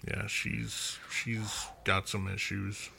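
Bright-voiced joking male co-host. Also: on the low side, level tone, slow, vocal fry, a little hiss or hum. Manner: joking, sweary interjections. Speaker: podcast co-host. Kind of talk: casual banter.

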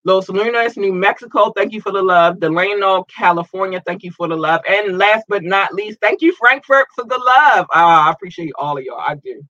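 Upbeat male podcast host, animated, slightly high voice, dry close sound. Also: moderate pace, few pauses, no echo, muffled recording. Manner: upbeat, animated, stumbles over place names. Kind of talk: casual shout-outs to listeners.

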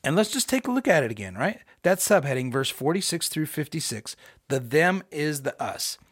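A middle-aged man giving an informal, conversational Bible teaching with emphatic rhetorical questions and bursts of excitement. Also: fairly high pitch, normal speed, slightly rough, no room sound. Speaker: podcast host teaching scripture.

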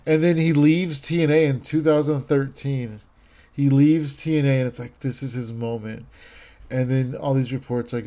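Rambling man with a mellow voice. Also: a little high, moderate pace. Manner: rambling, enthusiastic, lots of fillers and restarts. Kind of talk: casual chat.

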